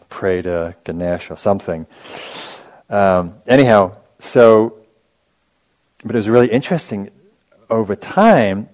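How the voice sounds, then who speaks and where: Deep-voiced man giving a relaxed dharma talk. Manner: casual, chatty storytelling with frequent asides; self-amused, laughs at his own anecdotes. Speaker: meditation teacher.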